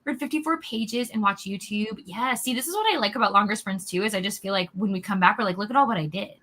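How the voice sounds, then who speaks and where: A woman hosting a casual livestream, chatty and upbeat, reading out comments, a little hoarse from losing her voice. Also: mid-range voice, fast, bright, forceful tone. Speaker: livestream host.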